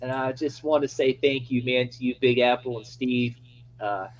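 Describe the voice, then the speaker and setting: Excitable man on a dull lo-fi stream. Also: mid-range voice, moderate pace. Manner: excited, rambling storyteller. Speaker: livestream host. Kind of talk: casual live-stream chat.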